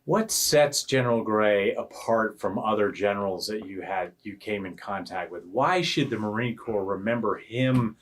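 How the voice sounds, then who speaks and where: A man interviewing a retired general, asking halting questions with restarts. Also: on the low side.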